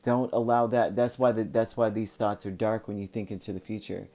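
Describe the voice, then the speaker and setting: A man's voice: lowish voice, little pitch movement, fairly quick, dark tone. A man giving a casual spoken tarot reading, talking straight to his viewers in a loose, coaching way with frequent fillers and restarts. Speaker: tarot reader.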